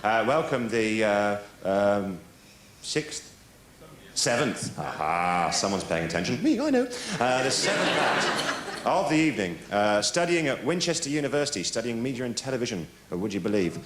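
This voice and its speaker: A man compering a comedy night, bantering with the audience as he brings on each act. His voice swings widely in pitch. The stage sounds echoey, and a loud crowd fills the background. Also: sing-song, moderate pace. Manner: jokey, bantering intros. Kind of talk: stand-up hosting.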